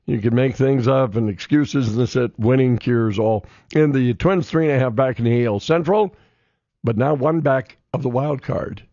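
A man's voice: mid-range voice, moderate pace, mellow, no echo. A man hosting a sports radio show, telling stories animatedly and laughing often. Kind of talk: casual sports radio chat. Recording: dull, dry studio sound.

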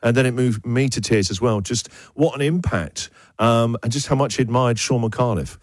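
A man's voice: mid-range voice, normal speed, no room sound. A man hosting a radio show, recommending things in an enthusiastic, emphatic way with lots of repeated words, in a studio. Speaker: radio host. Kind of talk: casual radio chat.

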